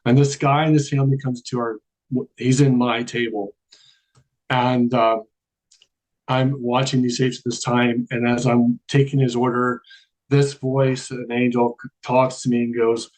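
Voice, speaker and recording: A man's voice: mid-range voice, flat delivery, a little slow, darkish tone, low-quality recording. A man telling a long personal story in a casual interview, acting out the dialogue and laughing often. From Charleston area, American South. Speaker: guest.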